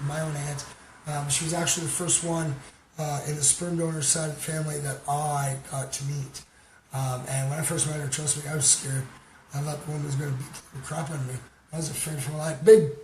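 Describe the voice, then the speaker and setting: A man from Canada hosting a livestream, chatting casually and giving shout-outs to viewers, rambling with many fillers. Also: on the high side. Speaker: livestream host. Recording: roomy sound with background noise.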